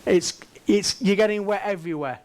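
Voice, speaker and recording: A man's voice: high voice, a little fast, a little mellow. A man from England, giving an interactive keynote talk on a conference stage. He playfully coaxes the audience with questions. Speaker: conference speaker.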